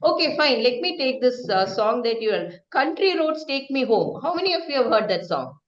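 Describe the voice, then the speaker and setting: A woman's voice: on the high side, very animated, normal speed. A woman teaching a lesson on vocal variety, asking the class questions and demonstrating with singing and acted tones. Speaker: speech trainer. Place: classroom or hall with students. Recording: dull roomy hall recording.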